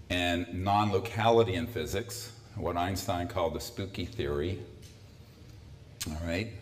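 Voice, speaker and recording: A man in his sixties giving a conversational public talk to a live audience, with dry sardonic asides. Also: deep voice. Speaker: lecturer. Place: lecture hall. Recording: echoey hall.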